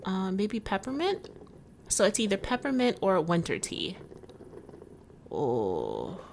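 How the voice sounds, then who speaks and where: A woman's voice: mid-range voice, animated, moderate pace, darkish tone, slight background noise. A woman giving let's-play commentary, chatting and reacting aloud with strong emotion to a story game. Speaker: video game player. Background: game music.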